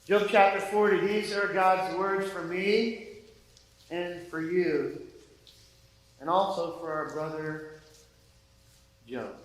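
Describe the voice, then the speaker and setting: Slow, echoey preaching man. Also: sits high, steady tone. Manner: reads scripture aloud, slow and emphatic. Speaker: pastor. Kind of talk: sermon. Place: church sanctuary. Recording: echoey church hall.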